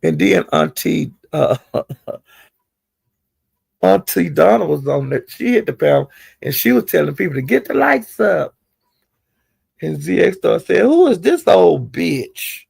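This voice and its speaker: Gravelly man dishing profane gossip. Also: fairly high pitch, big pitch swings, a little slow, long pauses, a little mellow, no echo. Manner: talks straight to the people discussed. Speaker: commentator on online live streams. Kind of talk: casual gossip commentary.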